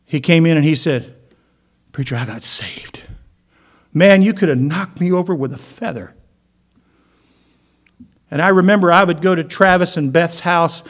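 A man preaching a sermon, telling stories and acting out the people in them. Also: sits high. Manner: storytelling, acting out quoted voices. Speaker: pastor.

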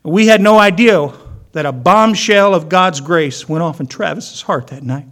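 A man's voice: fairly high pitch, moderate pace, fairly bright tone. A man preaching a sermon, telling stories and acting out the people in them. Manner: storytelling, acting out quoted voices. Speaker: pastor.

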